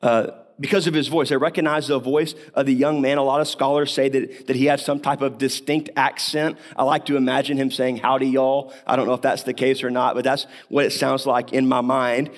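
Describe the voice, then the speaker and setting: Briskly and in a level tone, a pastor with a mid-range male voice goes through a Bible passage. His sermon feels conversational, full of rhetorical questions, and he coughs now and then.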